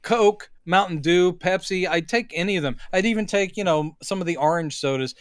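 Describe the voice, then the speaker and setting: A man co-hosting a casual podcast chat, giving relaxed, wry commentary. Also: sits high, normal speed, clear, resonant tone, no room sound, clean studio sound. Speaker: podcast co-host. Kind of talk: casual chat about a film.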